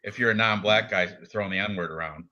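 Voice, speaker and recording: A man in his forties trades fight picks in easy, joking chat, laughing often. His voice is very bright and sharp-edged. It comes through a slightly dull, lo-fi recording. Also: lowish voice, brisk. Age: 40s. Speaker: podcast co-host.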